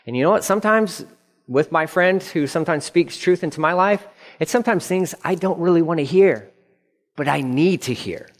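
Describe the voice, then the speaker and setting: Earnest pastor preaching in a reverberant hall. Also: male voice, a little high, moderate pace. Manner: earnest, repeats phrases for emphasis, acts out quoted dialogue. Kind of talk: sermon. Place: church sanctuary. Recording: long reverb of a church hall.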